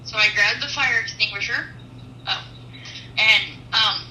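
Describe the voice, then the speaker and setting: A woman truck driver telling a personal faith testimony in an earnest, animated storytelling manner, with pauses. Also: on the high side, echoey room, recorded from a distance, slight background noise, low-quality recording.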